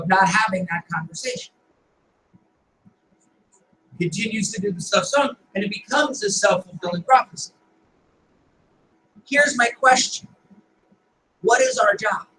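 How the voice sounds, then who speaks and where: A man with a high, bright and very animated voice coaches a group, piling up rhetorical questions and tagging points with "right?". He is picked up by a distant mic in an echoey room. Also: slight background noise. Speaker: business coach leading a meeting. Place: meeting room.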